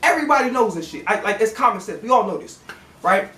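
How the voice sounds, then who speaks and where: Heated, high-voiced man telling a story. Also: animated, quick pace, bright, forceful tone. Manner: profane, heated, acts out both sides of the argument. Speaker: storytime vlogger. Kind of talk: casual storytelling rant. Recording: roomy echo.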